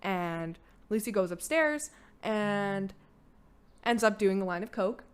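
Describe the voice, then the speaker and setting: A young woman talking through her own past in a relaxed podcast chat. Her voice is smooth and clear at a middle pitch. She speaks casually and bluntly, with plenty of "like" fillers and the odd curse word. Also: slow. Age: young adult. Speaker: podcast guest, host's daughter. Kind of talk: candid personal storytelling.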